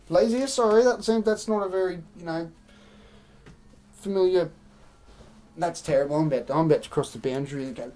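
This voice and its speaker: Australian woman live-streaming, low-ish mellow voice, opinionated off-the-cuff rambling to chat. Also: a little fast, pauses often. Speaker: livestream host. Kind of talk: casual live-stream commentary.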